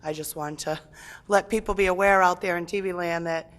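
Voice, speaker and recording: A woman's voice: on the low side, steady tone, brisk. A woman making a plain-spoken, matter-of-fact comment at a town meeting. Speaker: resident speaking at town meeting. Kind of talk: public comment.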